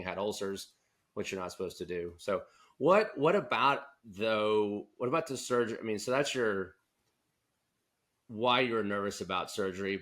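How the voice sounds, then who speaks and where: A man's voice: lowish voice, fairly bright tone. A man co-hosting a podcast, interviewing guests in a loose, conversational way, often restarting his sentences. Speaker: podcast co-host, doctor.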